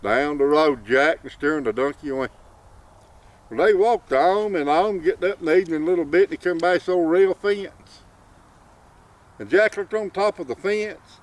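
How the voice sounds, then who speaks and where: A man's voice: on the high side, normal speed. A man telling a folk tale in a folksy drawl. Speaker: storyteller. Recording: distant mic, faint outdoor noise.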